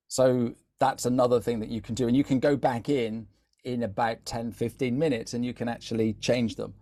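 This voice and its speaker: A man with a medium pitch and darkish tone presents live online as a LinkedIn content trainer. Chatty in manner, he tends to repeat words and frequently checks in with listeners by saying "yeah?".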